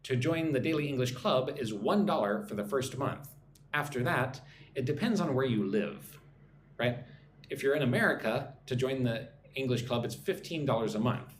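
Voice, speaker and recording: A man's voice: mid-range voice, expressive, moderate pace, roomy sound, a little hiss or hum. A man teaching English on a live stream, reading chat comments and drilling pronunciation.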